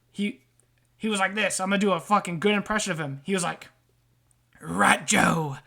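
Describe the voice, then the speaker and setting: A woman voicing a sleazy male rat trader in a tabletop game, crude and swearing, with squeaks between phrases. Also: sharp tone. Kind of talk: tabletop role-play voice.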